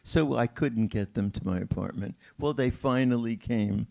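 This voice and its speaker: A man's voice: medium pitch, gravelly. An older man, a pianist, telling stories at a film Q&A in a theater, chuckling and acting out quoted voices. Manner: slow, warm storytelling with laughter and quoted voices. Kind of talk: storytelling at a film Q&A.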